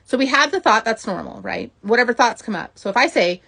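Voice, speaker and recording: A woman giving a casual motivational talk as a mindset coach, chatty and animated, often asking "right?" and acting out inner thoughts. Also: on the high side, fast talker, vocal fry.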